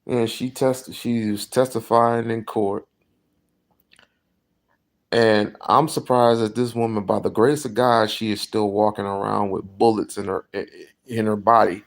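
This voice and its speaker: Low gravelly man commentator. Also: fairly even intonation, measured pace. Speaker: political commentator. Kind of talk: political commentary.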